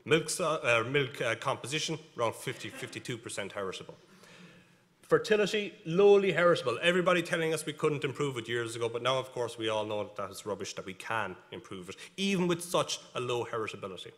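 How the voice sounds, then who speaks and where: A man's voice: mid-range voice, expressive, fast, a bit bright. A man with an Irish accent giving a conference talk on cattle breeding, emphatic and explaining step by step. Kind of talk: conference presentation with slides. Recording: reverberant hall.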